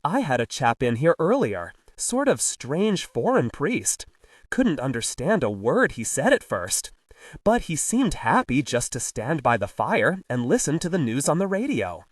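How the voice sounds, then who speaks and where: A short, wiry porter gossips in a chatty, animated way in an audiobook, voiced by a male narrator. His delivery swings lively in pitch, a touch higher than plain reading. The sound is dry and set back from the mic. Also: unhurried, no echo, distant mic. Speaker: college porter.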